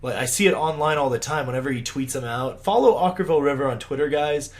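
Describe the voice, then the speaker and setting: A man's voice: on the high side, quick pace. A man co-hosting a podcast in casual chat, rambling and laughing often. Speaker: podcast co-host.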